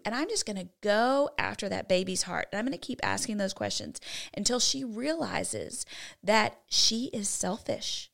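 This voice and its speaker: A woman's voice: mid-range voice, expressive, a little fast, vocal fry, a bit bright. A woman co-hosting a faith-based parenting talk, teaching in an earnest way and often checking in with "right?". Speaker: co-host.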